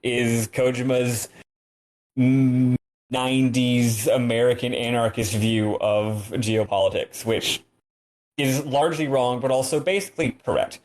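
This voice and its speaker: A man's voice: medium pitch, steady tone, measured pace, darkish tone. A man co-hosting a casual podcast, explaining a game's plot in long, enthusiastic stretches. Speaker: podcast co-host. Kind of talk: casual chat.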